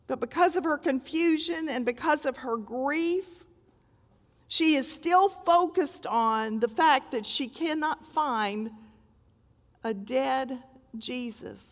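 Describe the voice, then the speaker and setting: An older woman preaching a sermon with dramatic, emphatic storytelling, moving between loud exclamations and hushed tones. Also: high voice, slow, in a large hall.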